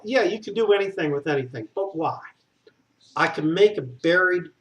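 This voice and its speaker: Blunt man, structural engineer type, rambling and opinionated. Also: on the high side. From Southern US. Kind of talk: casual explanatory monologue.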